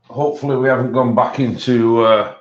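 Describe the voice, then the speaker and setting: A man's voice: medium pitch, steady tone, brisk. A man hosting a colouring live stream in casual, rambling chat, greeting viewers by name. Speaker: colouring channel host. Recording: dull lo-fi stream audio.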